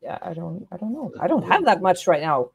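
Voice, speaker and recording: Woman guest, gravelly and raspy, hesitant and shy, lively pitch. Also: brisk, crowd noise. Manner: hesitant, laughs shyly. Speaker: guest artist. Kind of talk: casual chat on a hobby stream.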